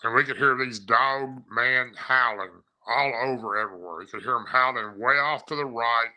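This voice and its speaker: A man's voice: medium pitch, moderate pace, bright, forceful tone, poor audio. A man telling his own encounter story in a casual, rambling way, often repeating and restarting his phrases. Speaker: eyewitness recounting an encounter. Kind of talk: casual first-person storytelling.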